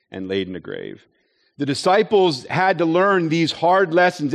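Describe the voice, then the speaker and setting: A man preaches a sermon with earnest conviction. He leans on rhetorical questions and now and then acts out the voices he quotes. His pitch sits in an ordinary middle range. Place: chapel or hall with an audience.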